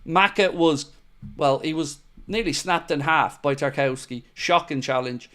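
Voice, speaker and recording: A man's voice: a little high, unhurried, fairly bright tone. A young man hosting a live football fan show, reacting to the match and reading viewer comments in blunt, matey banter.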